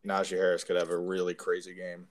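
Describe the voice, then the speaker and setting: A man with a very low voice in a casual podcast chat. He cuts in with quick takes and throws in sarcastic jokes. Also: completely flat delivery. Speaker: fantasy league podcast co-host.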